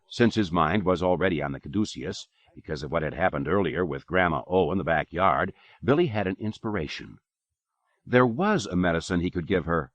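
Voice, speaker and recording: A man narrating an audiobook with measured, expressive storytelling, on a dull lo-fi cassette recording. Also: sits low.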